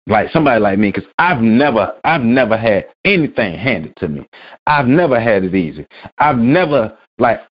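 A man's voice: medium pitch, sing-song, normal speed. A man hosting a weekly sports rant, reading news aloud and bluntly cursing. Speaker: vlog host. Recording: dull lo-fi recording.

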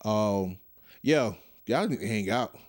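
A young man hosts his own solo podcast, rambling loosely and joking both with himself and his listeners. His voice is on the low side and expressive, he speaks slowly, and the studio-quality recording has no echo.

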